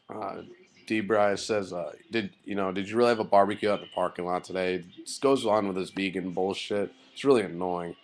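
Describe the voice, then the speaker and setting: A man giving a casual video review of a wrestling show, loose and rambling with many fillers and blunt, swearing opinions. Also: fairly low pitch. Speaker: wrestling vlogger.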